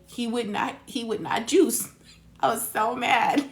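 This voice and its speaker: A woman reads and gives a casual spiritual talk, telling stories with lots of animation and calling her listeners "baby." Her voice sits a little high, and she takes her time.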